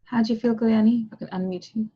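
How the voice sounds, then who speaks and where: A woman with a husky, slightly rough voice leads a group over a video call, affectionate and coaxing with her participants. The audio is dull and muffled, as from a laptop mic. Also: a little high, steady tone, fast talker, mellow. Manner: affectionate, calls people honey and darling. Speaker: manifestation coach and group host. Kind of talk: guided visualization and group video-call chat.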